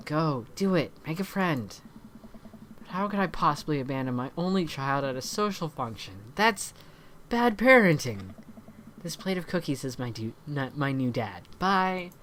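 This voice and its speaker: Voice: mid-range voice, sing-song, moderate pace, a bit bright, a little hiss or hum. A let's play host reading the lines of a teasing, pushy teenage daughter. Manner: teasing, nagging.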